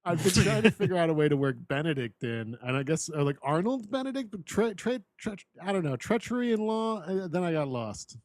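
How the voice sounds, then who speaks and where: High-voiced man, halting and wry. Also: sing-song, no room sound. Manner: halting, lots of fillers, wry. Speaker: podcast co-host. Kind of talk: casual comedic movie chat.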